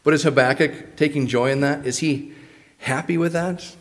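A man's voice: on the high side, steady tone, moderate pace, big-room sound. A man leading a Bible study, reading scripture passages aloud and then explaining them in a plain, casual way with fillers. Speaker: Bible teacher.

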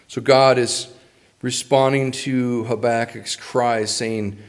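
A man's voice: medium pitch, level tone, takes it slowly, in a large hall. A man leading a Bible study, reading scripture passages aloud and then explaining them in a plain, casual way with fillers. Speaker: Bible teacher.

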